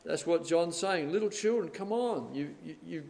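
A man preaching a sermon, swinging between loud dramatic passages and hushed, quiet ones. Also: on the high side, expressive, normal speed, creaky. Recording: long hall reverb.

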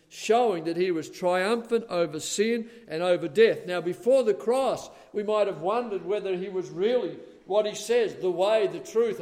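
A man preaching a sermon, earnest and measured, slowing down for emphatic scripture quotes. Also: sits high, a little mellow.

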